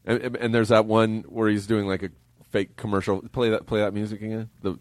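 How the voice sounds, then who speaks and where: A man's voice: on the low side, flat delivery, fairly quick, slight background noise. Eager man riffing as a podcast guest. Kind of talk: casual comedic chat.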